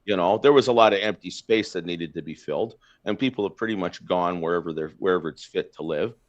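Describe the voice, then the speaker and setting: Deep-voiced ranting Canadian man. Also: fast talker. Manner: blunt, ranting, many fillers and restarts. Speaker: podcast host. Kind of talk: casual political chat. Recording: slightly dull lo-fi sound.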